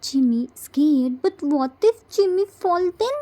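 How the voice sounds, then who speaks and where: A shy, easily frightened little boy in a storybook reading, read by a woman. He talks in sweet, babyish phrases, high and mellow, in an unhurried way. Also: animated. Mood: sweet, childish.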